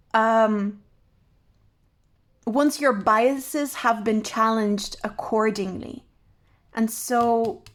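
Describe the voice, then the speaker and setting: Woman tarot reader, somewhat high voice, reflective and thinking-out-loud delivery. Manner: musing, thinking aloud with frequent restarts. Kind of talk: intuitive tarot reflection to camera.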